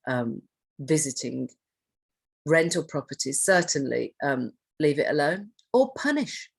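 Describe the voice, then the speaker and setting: A woman's voice: sits low, husky. A woman giving a conversational training presentation, asking her audience questions and restarting her phrases as she goes. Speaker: trainer on hoarding and self-neglect.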